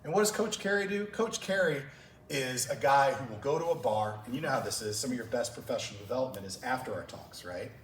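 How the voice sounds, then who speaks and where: In a large conference room, a track-and-field coach tells stories to fellow coaches at a clinic, speaking with passion and growing openly emotional. His voice is medium-pitched, and the echoey recording catches him far from the mic with a little hiss or hum.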